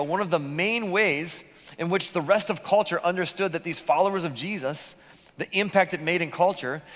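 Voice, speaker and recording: A man's voice: high-pitched, fairly bright tone. A man preaching a sermon, telling stories in a conversational way with fillers. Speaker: pastor. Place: church auditorium. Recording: church hall reverb.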